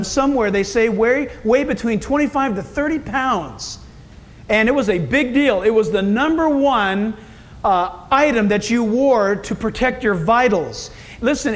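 High-voiced folksy male preacher. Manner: folksy, conversational preaching with asides to the congregation. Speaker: pastor. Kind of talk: sermon.

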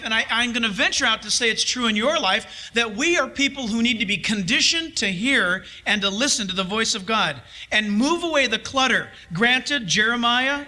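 Bright high-voiced male preacher. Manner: emphatic, conversational preaching with rhetorical questions. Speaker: pastor. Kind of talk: sermon.

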